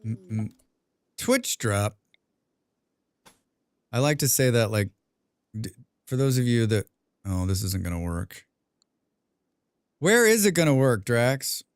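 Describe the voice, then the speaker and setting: A young man streaming a game, chatting casually with his viewers, rambling and clearing his throat often. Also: medium pitch, sing-song, slow pace, pauses often, dry recording. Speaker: gaming livestreamer. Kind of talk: casual livestream chat while playing.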